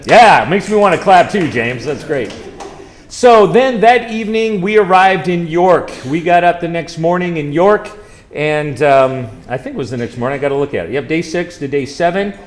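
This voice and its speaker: A man's voice: on the high side, lively intonation, normal speed, a little hiss or hum. Chatty, folksy man giving a slideshow talk. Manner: folksy, chatty storytelling with fillers and asides to the audience. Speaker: chaplain presenting a trip.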